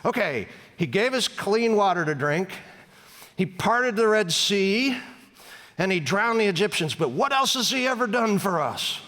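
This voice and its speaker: A man's voice: sits high, lively intonation, a little slow, long reverb tail, voice pushed up, full character voice. A man voicing a complaining crowd agitator who rails at the crowd and mocks its answers. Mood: agitated. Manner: shouting, mocking complaints. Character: rabble-rousing man in the crowd, grumbling agitator.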